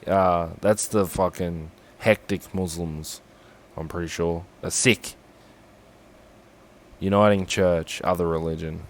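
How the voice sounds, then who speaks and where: A man's voice: low-pitched, fairly even intonation, slow pace. A young Australian man with an Australian accent, rambling sarcastically and swearing as he talks through a form on a casual livestream.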